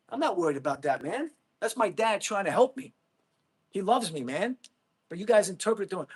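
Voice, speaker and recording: A middle-aged man hosts a casual livestream, reading comments and talking bluntly to viewers, whom he calls bro. His husky voice sits high with big pitch swings, at a moderate pace.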